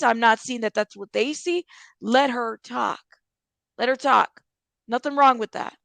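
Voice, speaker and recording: A woman's voice: a little high, vocal fry, a bit bright, dry recording. A woman commentating casually on bodycam footage, talking straight to her viewers. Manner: chatty, addresses viewers directly. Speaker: true crime commentator.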